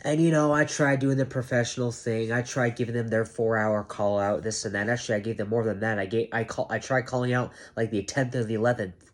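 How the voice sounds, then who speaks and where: Speaking a little fast in a steady tone, a half-awake security guard unloads to his camera. He curses intentionally for emphasis and often puts on a high, mocking voice to imitate managers.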